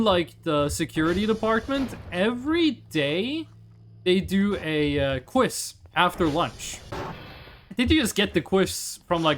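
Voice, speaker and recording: A young man streaming a game, chatting casually and telling profane, animated stories. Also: fairly high pitch, a little hiss or hum. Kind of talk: casual chat while gaming.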